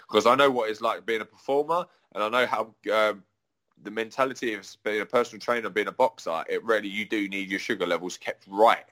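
A man's voice: fairly low pitch, brisk, fairly bright tone. A young adult man, ranting in a casual, profane way while he tells a long story full of restarts and asides. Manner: profane, rambling, with many restarts. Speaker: adult performer.

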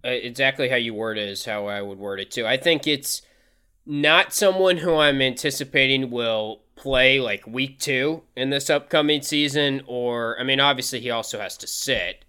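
A young man co-hosts a sports show in a bright voice. He talks in an easygoing, laid-back way and breaks down players with calm analysis. The delivery is casual and conversational. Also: medium pitch, smooth.

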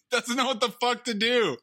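A man co-hosting a podcast, chatting casually and laughing as he runs through a movie's highlights. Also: unhurried, no echo. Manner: animated, laughing, listing highlights. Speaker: podcast co-host. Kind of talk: casual movie review chat.

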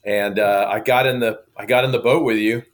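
A man from Oklahoma, a guest telling a story in a lively, casual way. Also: fairly low pitch, brisk. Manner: lively, acts out quoted dialogue.

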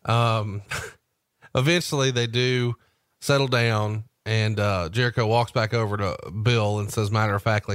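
A man hosting a podcast, recounting a story with animated energy and throwing questions to his co-host. The sound is dry and close. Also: fairly low pitch, a little slow, clean tone, no echo. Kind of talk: casual storytelling chat.

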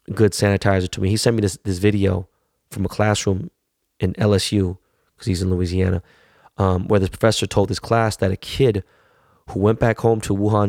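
A middle-aged man with a gravelly, fairly low voice, ranting bluntly with heavy swearing and stumbling repeats as he gets heated. The sound is dry and close, with almost no room echo. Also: darkish tone. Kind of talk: profane casual rant.

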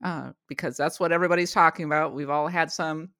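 A woman's voice: deep voice, fast, dry recording, studio quality. Chatty woman podcast host. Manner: chatty, animated storytelling. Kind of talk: casual chat.

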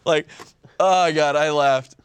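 A man in his thirties telling a story in casual chat, animated and swearing, often breaking into laughter. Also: a little high, takes it slowly, smooth, dry recording.

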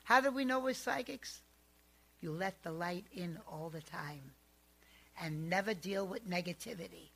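Brief: a chatty psychic woman spinning family tales, with a gravelly, forceful voice. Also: medium pitch. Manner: chatty, animated, emphatic. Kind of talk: storytelling monologue.

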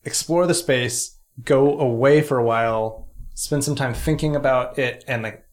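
A man's voice: mid-range voice, unhurried. A man co-hosting a podcast in casual chat, rambling and joking with plenty of fillers. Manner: rambling, jokey, many fillers. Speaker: podcast co-host. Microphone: studio mic.

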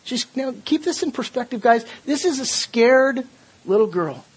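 An older man preaching a sermon as pastor, earnest, with stumbling restarts, building to forceful emphasis. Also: very high voice, lively intonation, normal speed, breathy edge.

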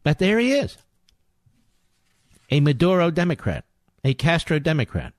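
Middle-aged male talk radio host; sarcastic, emphatic, repeats for punch; higher voice, dead-dry studio. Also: big pitch swings, moderate pace, no room sound. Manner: combative, sarcastic, emphatic repetition. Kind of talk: political talk radio monologue.

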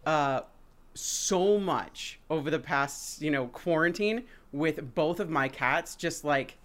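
A woman guest on a podcast, chatting casually over a video call in an animated way. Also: low-pitched, slow pace. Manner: animated, acts out pets' voices.

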